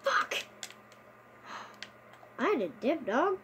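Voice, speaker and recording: A woman giving casual gameplay commentary, swearing constantly, muttering one moment and yelling at enemies the next. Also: sits high, very slow, a little hiss or hum. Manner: excitable, jumps between muttering and shouting. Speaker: gamer streaming a video game.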